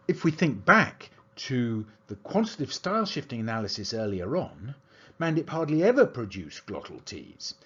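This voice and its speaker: A man giving an academic lecture as a university lecturer, explaining an analysis in a steady, methodical way. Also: mid-range voice, husky, lo-fi sound. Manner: explanatory, analytical delivery with lively intonation.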